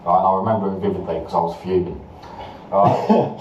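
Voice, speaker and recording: Fast-talking blunt man, roomy sound. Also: low voice, far from the mic, highs cut off, background noise. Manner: blunt, swearing, lively storyteller. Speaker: podcast co-host. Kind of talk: casual chat. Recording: roomy, from the mic.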